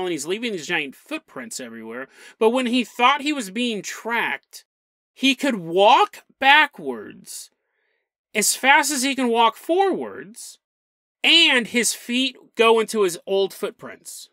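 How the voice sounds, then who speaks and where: A man's voice: sits high, very animated, measured pace, pushed and bright, dry recording. A man hosting a casual storytelling podcast, jokey and laughing often as he tells the tale. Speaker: podcast host.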